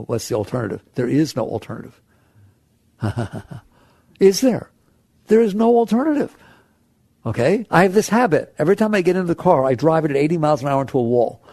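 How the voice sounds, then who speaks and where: A man's voice: a little high, lively intonation, a little fast, creaky, darkish tone, no echo. A man giving a spiritual talk to an audience, conversational, laughing often and asking rhetorical questions. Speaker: spiritual teacher.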